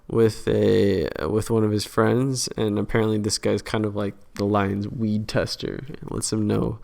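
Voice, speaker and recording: A man casually recapping a movie's plot in a rambling, loose way. His voice sits low with a gravelly rasp, and he often trails into fillers and restarts. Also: a bit bright. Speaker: channel host summarizing a film.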